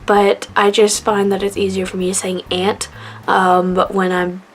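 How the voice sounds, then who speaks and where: A woman's voice: medium pitch, level tone, measured pace, slight background noise. A young woman talking to camera in a tribute vlog, emotional and near tears, rambling and laughing through her sadness. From Canada.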